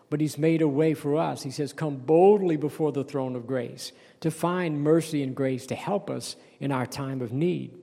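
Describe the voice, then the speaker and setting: A man delivers a sermon in a gravelly, warm voice. He reads a passage, then breaks it down with restarts and an occasional "Amen?" His voice carries a long reverb tail from the hall. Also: medium pitch. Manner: reads scripture aloud then explains it, with restarts and calls of "Amen?". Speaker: pastor.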